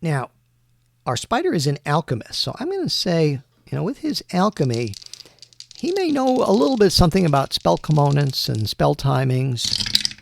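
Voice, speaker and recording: Gravelly man narrating a solo game. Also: a little high, dry recording. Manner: thinks aloud, many fillers.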